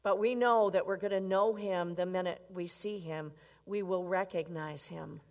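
A woman's voice: on the low side, steady tone, moderate pace. A woman preaching a sermon in a conversational way, often asking her listeners questions. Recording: long reverb.

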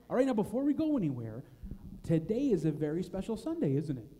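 Brief: high, mellow man teaching kids a verse with motions, long hall reverb. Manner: animated, coaxing, slows to a chant for the verse. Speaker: children's message leader. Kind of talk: children's church lesson. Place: church sanctuary.

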